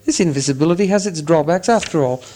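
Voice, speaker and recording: A man's voice: on the high side, fast, dark tone, natural voice. A man reading an audiobook, voicing a small, anxious male hobbit with a shaky, hesitant manner. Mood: weary. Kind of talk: audiobook character voice.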